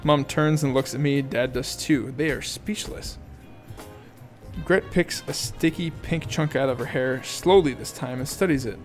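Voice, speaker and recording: A man narrates an audiobook in the first person, his reading amused and lively. His voice sits at an ordinary middle pitch. Faint music plays underneath. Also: a little slow.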